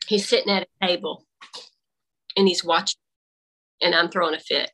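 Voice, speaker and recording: A woman's voice: on the low side, fairly even intonation, normal speed, sharp tone, poor audio. A woman on a remote call through earbuds, telling a faith testimony in casual conversation and animatedly acting out her own dialogue. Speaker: guest. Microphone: AirPods.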